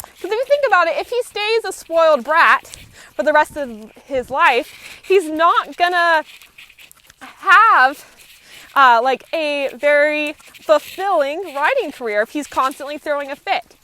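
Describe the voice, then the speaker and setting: A woman horse trainer working a horse outdoors, explaining each step in a calm, steady, instructive way. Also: sits high, a little slow. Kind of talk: live training commentary.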